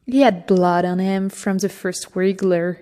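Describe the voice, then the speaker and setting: A woman narrating a dark fantasy audiobook at an unhurried, measured pace, her voice in the middle of the usual range. The reading carries a long reverb, as if recorded in a resonant room. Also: medium pitch, steady tone. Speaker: audiobook reader.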